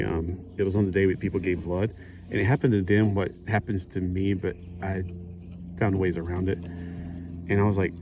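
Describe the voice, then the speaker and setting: A man's voice: sits low, noisy background. A middle-aged man chatting casually while he builds a kit, rambling and correcting himself. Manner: rambling, self-correcting, chuckling asides. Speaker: hobby builder. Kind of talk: casual build-along chat.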